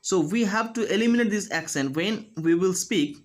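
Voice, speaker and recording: High-voiced man teaching phonetics. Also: lively intonation. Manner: slow, deliberate, demonstrative. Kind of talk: phonetics lecture.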